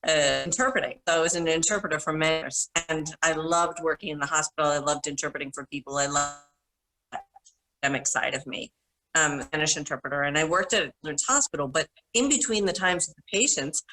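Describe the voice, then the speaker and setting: A middle-aged woman with a bright, forceful voice that sits a little low. She tells long, animated stories as a panel guest, often correcting herself mid-sentence. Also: brisk, rough recording. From Minnesota. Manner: rambling, self-correcting, animated anecdotes. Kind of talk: casual storytelling.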